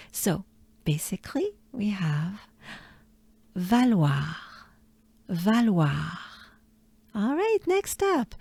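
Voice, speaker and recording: Slow, mellow-voiced French woman coaching pronunciation. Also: mid-range voice, no echo. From France. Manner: slow, repeats each sound several times, drops to whispers. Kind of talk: pronunciation lesson.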